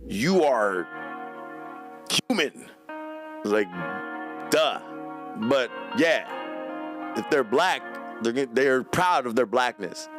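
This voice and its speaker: A man hosting a late-night livestream, telling a story in an animated, slangy way and laughing often. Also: mid-range voice, slow pace, long pauses, over music. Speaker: livestream host. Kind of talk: casual storytelling rant.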